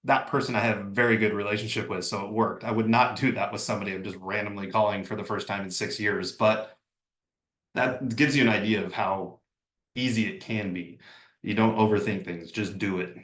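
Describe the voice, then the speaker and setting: A man's voice: on the low side, steady tone, fairly quick, a bit bright, echoey room. A man leading a real estate training session over a video call, talking casually and acting out sample phone messages. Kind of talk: live online training session.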